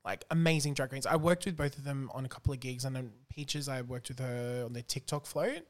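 A man's voice: mid-range voice, brisk. A man hosting a podcast, chatting casually and telling stories in a sweary, gushing way. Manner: sweary, gushing, animated storytelling. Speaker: podcast host. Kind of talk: casual chat.

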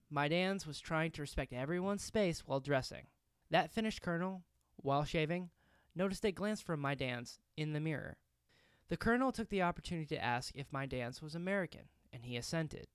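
A man's voice: a little high, clear, resonant tone, no room sound, clean studio sound. A man narrating history in a casual podcast style, with conversational, reflective asides and the odd filler.

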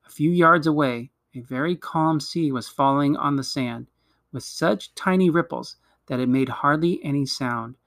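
Man reading a children's book aloud, higher voice, dry close sound, measured with small slips. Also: a bit bright, no room sound. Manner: measured, with occasional slips and self-corrections. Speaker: reader.

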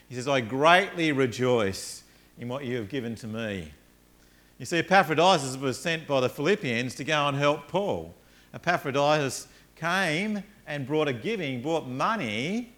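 A man preaching a sermon as a pastor, telling Bible stories in an animated way and acting out the characters. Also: on the high side. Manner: animated storytelling, acts out characters.

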